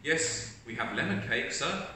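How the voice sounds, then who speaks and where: A man's voice: medium pitch, expressive, a little slow, pushed and bright. Man doing an apologetic, polite barista. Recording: echoey room, distant mic, faint hiss.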